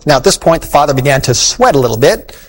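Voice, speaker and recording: A man's voice: fairly high pitch, very animated, fast, poor audio. A man preaching, telling an illustration story in an earnest, folksy way before calling listeners to faith.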